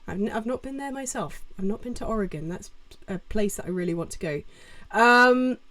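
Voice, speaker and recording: A woman's voice: medium pitch, fairly quick, a bit bright. A young British woman chatting casually on a live stream from home, reading out viewer comments into a desk mic. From Britain. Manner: chatty and self-interrupting, reading chat names aloud. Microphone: desk mic with adjustable gain.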